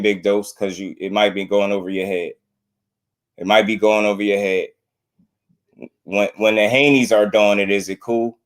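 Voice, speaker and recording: A young man talks on a live boxing reaction stream. His voice sits on the higher side. He argues hard, circles back to the same points and keeps addressing the chat as "bro.".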